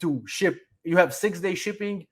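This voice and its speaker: A man's voice: high voice, moderate pace. A man guest in a casual chat, giving advice and acting out sample customer emails.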